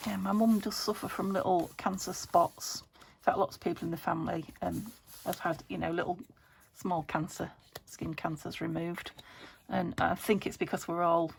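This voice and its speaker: A woman's voice: on the low side, gravelly, a little hiss or hum. A British woman chatting casually in a crafting vlog, rambling and murmuring to herself as she works. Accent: British English. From United Kingdom. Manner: rambling, chatty, drifts into murmurs while working. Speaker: junk journal crafter.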